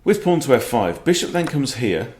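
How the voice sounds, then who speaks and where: At a normal speed, a middle-aged chess coach with a mid-range, sing-song, slightly mellow voice commentates his own online games live. He is exasperated and self-mocking, sighing as he goes, and the recording is echoey.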